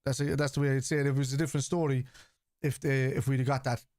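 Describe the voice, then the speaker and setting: A man's voice: mid-range voice, flat delivery, quick pace, darkish tone, dry recording. A man hosting a live fan watchalong, reading out and answering viewer chat in a blunt, casual way, swearing freely. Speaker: fan channel host.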